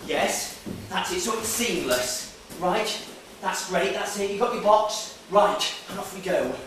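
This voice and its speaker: A brash game show host in an improvised stage play, bossy and patronizing, with a very high voice that leaps around. He is caught from far off in an echoey theatre with faint music behind. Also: expressive, unhurried, a bit bright, slight background noise. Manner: showy, bossy, speaks down to the contestant.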